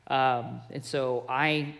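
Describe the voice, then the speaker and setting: A man in his thirties preaching to men, telling a family story in an earnest, conversational way that builds into forceful preaching. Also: mid-range voice, steady tone, extremely slow, creaky. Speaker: pastor. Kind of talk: sermon to men, personal storytelling.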